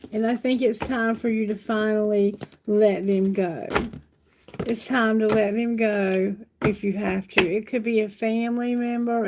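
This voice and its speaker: A woman's voice: a little high, noisy background. A woman giving a live tarot reading, soothing and repeating reassurances to her viewers. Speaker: tarot reader.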